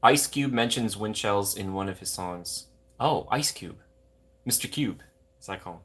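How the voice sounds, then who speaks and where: A man's voice: on the low side, animated, normal speed, a bit bright, breathy edge. A young man from Minnesota, hosting a livestream, chatting casually and going off on jokey tangents while reading viewer comments. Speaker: livestream host.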